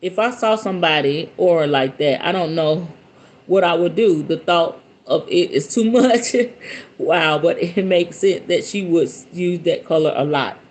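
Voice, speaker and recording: A woman's voice: fairly low pitch, unhurried. A woman hosting a podcast, reading a book aloud and breaking off into playful, casual commentary. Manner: animated, playful asides between read passages. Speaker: podcast host.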